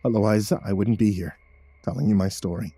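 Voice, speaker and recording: A man reads a horror story aloud in a low, mellow voice, keeping a measured and somber pace. The sound is close and dry, with no room around it. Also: fairly even intonation, breathy edge, dry recording. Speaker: narrator. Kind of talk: scripted horror story narration.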